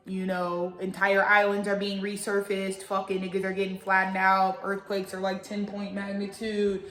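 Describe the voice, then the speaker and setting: A young woman hosting a tarot channel, talking in a casual, rambling and profane way with animated jokey asides. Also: medium pitch, moderate pace, hardly any pauses. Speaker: tarot reader and channel host. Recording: echoey room.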